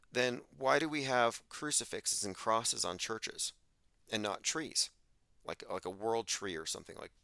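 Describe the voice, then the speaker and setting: A man's voice: mid-range voice, sharp tone, dry recording. A man hosting a live call-in show, talking bluntly and dismissively in a lecturing way.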